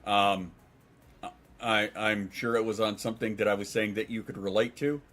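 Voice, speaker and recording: A man talks loosely to his livestream chat in a lowish voice. He rambles, curses freely, and trips over his own sentences as he answers viewers. Casual stream talk. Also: steady tone, moderate pace, a bit bright. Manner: rambling and profane, with frequent restarts.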